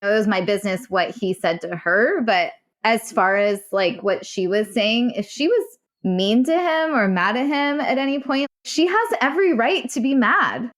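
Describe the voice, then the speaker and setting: A woman's voice: fairly high pitch, lively intonation, moderate pace. Candid woman telling a painful story. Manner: earnest, emotional, swears now and then. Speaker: guest recounting a personal story.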